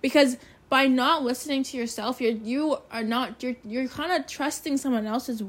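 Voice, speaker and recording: A woman's voice: high-pitched, normal speed. A young woman hosting her own podcast, talking candidly and emphatically about self-love, swearing freely. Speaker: podcast host. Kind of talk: casual solo podcast talk.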